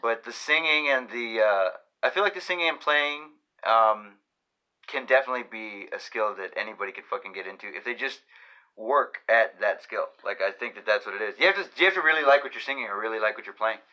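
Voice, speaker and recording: A man's voice: fairly low pitch, expressive, brisk, dull audio. A man with a Boston accent hosting a casual podcast, rambling, self-correcting and swearing often. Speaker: podcast host.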